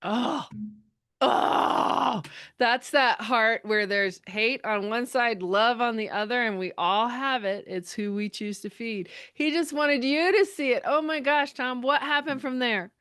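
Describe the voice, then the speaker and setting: A woman hosting a faith podcast, affirming her guest and asking quick follow-up questions. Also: a little high, a bit bright, dry recording, clean studio sound. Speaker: podcast host. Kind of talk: interview conversation.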